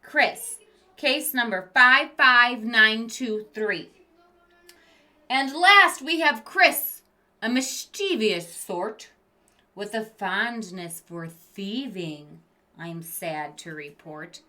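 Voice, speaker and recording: A creepy male monster substitute teacher, as a woman reads him aloud, telling rhymed tales in a loud, emphatic voice. The tone is bright and the pace slow and deliberate. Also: on the high side, animated, heavily acted. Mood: ominous. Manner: rhyming storyteller delivery, loud and emphatic.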